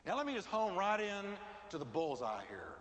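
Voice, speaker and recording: High bright-voiced preacher in a hall. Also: male voice, big pitch swings, normal speed, slight background noise. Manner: emphatic, repeats lines for stress, rising to shouts. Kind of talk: sermon. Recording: reverberant hall with faint ambience.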